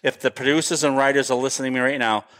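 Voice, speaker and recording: A man's voice: mid-range voice, fairly even intonation, a bit bright. Easygoing male podcast host. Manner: agreeable, frequent quick backchannels. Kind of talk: casual interview chat.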